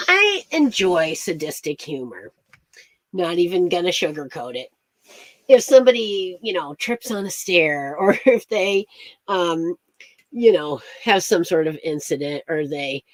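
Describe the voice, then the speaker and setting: A woman with a lowish voice chats casually with her livestream viewers. She rambles from one story to the next with lots of laughter, and her pitch swings widely up and down. The sound is close and dry. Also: dry recording. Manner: rambling, laughs often between thoughts; chatty and playful, greets viewers by name. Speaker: astrology streamer.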